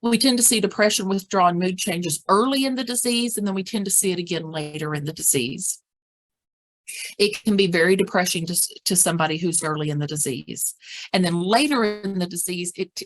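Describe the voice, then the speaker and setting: A woman leads a caregiver training session in a slightly low voice. She talks plainly and practically, and she leans on repeated words to drive her points home. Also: brisk. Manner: acts out example phrases and whispers. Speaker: dementia care educator. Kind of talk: training presentation.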